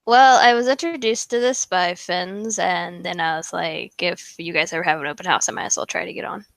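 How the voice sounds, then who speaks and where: A woman's voice: on the low side, fairly even intonation, fairly quick, gravelly, fairly bright tone, dry recording. A woman from the American East Coast calling into a casual online chat show, talking in an apologetic, self-deprecating way. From United States East Coast. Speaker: guest caller.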